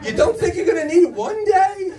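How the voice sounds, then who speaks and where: A man voicing an insistent, nagging middle-aged mother in a high, pleading, mock-earnest voice. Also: big pitch swings, brisk, warm tone, far from the mic, some chatter behind.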